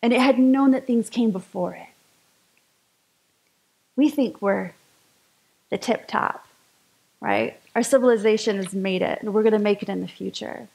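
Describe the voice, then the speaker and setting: A woman's voice: medium pitch, moderate pace, vocal fry, pauses often, warm tone, poor audio. A woman giving a chatty, enthusiastic sermon-style talk to a spiritual community gathering.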